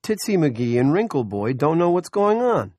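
A man voicing a rough, bullying male cop who barks crude, contemptuous orders in an audiobook. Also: on the high side, big pitch swings, normal speed, darkish tone, dry recording, clean studio sound, pitched above the performer's own voice.

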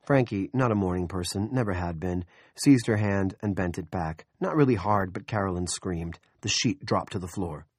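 Low-voiced man narrating an audiobook. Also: normal speed, no room sound, clean studio sound. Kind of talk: scripted narration.

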